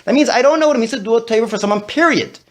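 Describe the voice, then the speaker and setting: A man's voice: very high voice, very fast. A man teaching a discussion-style class, talking animatedly and mixing in Yiddish and Hebrew terms. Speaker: Torah teacher.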